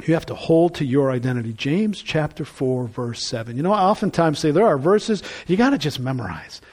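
Animated high-voiced male preacher. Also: fairly quick. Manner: conversational preaching, rising to emphatic bursts. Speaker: pastor. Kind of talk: sermon.

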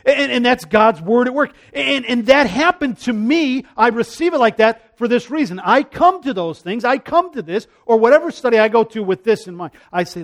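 High-voiced earnest male preacher. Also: expressive, normal speed, few pauses. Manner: earnest, repeats phrases, drops to a hush for prayers. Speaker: pastor. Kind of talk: conversational sermon.

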